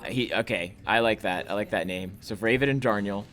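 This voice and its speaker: Rambling hammy comedy host. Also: male voice, on the low side, fairly bright tone. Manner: rambling, hammy, quick asides. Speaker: show host. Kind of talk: improvised comedic riffing.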